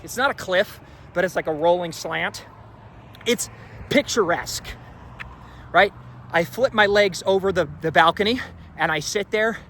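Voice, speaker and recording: High-voiced young man telling a personal story. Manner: candid, animated storytelling with restarts and frequent "like". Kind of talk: self-recorded personal storytelling. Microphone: self-recording on a phone or camera. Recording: outdoor recording with traffic noise.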